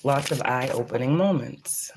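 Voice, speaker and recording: The psychic reader's voice rumbles low and unhurried while noise carries on behind her. Her casual channeled spiritual reading is blunt, profane, rambling and preachy, and she repeats phrases for emphasis.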